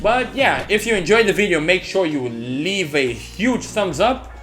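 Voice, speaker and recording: A man telling a personal story on his vlog, casual and animated, swearing freely and laughing often. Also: sits high, unhurried, faint music behind. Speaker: YouTube storyteller.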